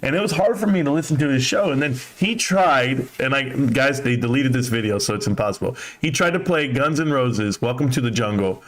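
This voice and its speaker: A man's voice: medium pitch, brisk, hardly any pauses. A man in his fifties hosting a live stream, chatting casually and crudely, joking and mocking as he reads comments. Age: 50s. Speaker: livestream host.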